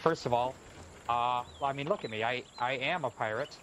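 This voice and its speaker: A man with a Midwestern accent, guesting on a comedy podcast and improvising pirate banter in a dry, halting, deadpan way. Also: mid-range voice, a little hiss or hum. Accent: American Midwestern.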